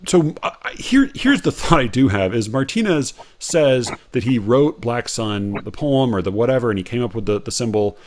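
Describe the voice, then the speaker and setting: An American man co-hosting a casual talk about poetry. He speaks with many fillers and restarts and gets animated when he makes a point. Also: mid-range voice, normal speed, few pauses, slight background noise. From United States. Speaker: podcast co-host.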